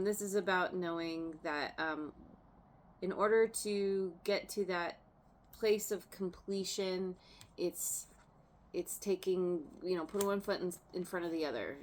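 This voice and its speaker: A woman's voice: lowish voice, a little hiss or hum. A woman doing a casual tarot reading, chatty and laughing often, trailing off and restarting her sentences as she turns cards. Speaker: tarot reader.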